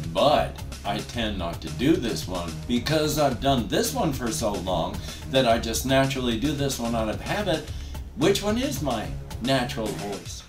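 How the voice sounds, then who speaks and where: A middle-aged man talks in a loose, casual vlog manner, shifting between a pushed-up higher voice and a relaxed deeper one. He sits back from the mic in a roomy, echoing space. Music plays clearly behind him. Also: unhurried, recorded from a distance. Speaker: gaming vlogger. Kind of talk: casual monologue.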